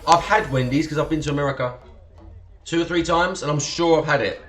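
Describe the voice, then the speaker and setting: A man's voice: a little high, fairly quick, a bit bright. A young man from Essex with an estuary accent, chatting casually and swearing as he hosts a live stream, thanking followers and laughing often. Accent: Essex estuary English. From Essex, England. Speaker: livestream host.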